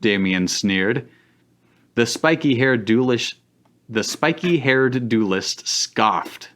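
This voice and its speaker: A man narrating fanfiction aloud for laughs on a live stream, dry and deliberate. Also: mid-range voice, expressive, a bit bright. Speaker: narrator and host.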